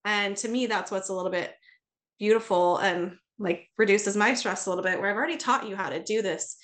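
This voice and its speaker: A middle-aged woman, a parenting coach, chatting on a podcast and telling stories with lively acted-out dialogue. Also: medium pitch, a little fast. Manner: animated storyteller, acts out dialogue. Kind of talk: casual podcast conversation.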